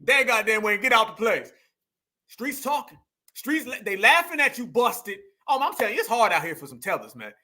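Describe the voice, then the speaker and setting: High, bright-voiced ranting man. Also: moderate pace. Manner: animated, profane, talks straight to the audience. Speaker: livestream host. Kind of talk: ranting commentary.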